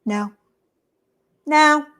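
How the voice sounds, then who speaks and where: Emphatic higher-voiced woman co-host. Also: very slow. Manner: emphatic, blunt, animated. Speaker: podcast co-host. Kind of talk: casual chat.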